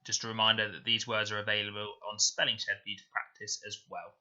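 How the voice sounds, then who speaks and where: Man for a recorded spelling lesson; sharp, bright tone, sounds out each word slowly. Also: lowish voice, level tone. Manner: slow, clear, sounding out words deliberately. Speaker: primary school teacher. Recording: dull lo-fi home recording.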